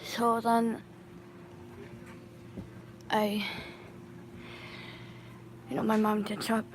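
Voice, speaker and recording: Woman vlogger, slow halting storyteller, phone mic, faint hiss behind. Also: mid-range voice, monotone, rough recording. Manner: halting, with many restarts and pauses. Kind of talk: casual storytelling.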